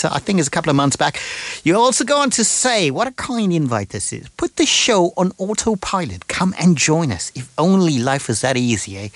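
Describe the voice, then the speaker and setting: A man's voice: a little high, creaky, no echo. Chatty male radio presenter. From London. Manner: chatty, relaxed, many filler pauses. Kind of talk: casual radio shout-outs. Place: radio studio. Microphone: studio microphone.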